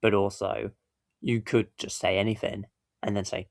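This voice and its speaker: A man's voice: fairly low pitch, level tone, moderate pace, vocal fry, darkish tone, no echo, clean studio sound. A man hosting a casual reaction video, rambling and correcting himself with little chuckles. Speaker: YouTube reaction host.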